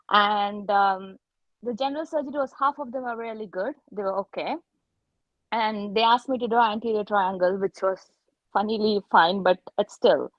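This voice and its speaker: The recording is dull with no room sound as a woman surgeon, her voice slightly high, candidly relates exam stories at an informal online meet-up. She keeps correcting herself in the middle of sentences.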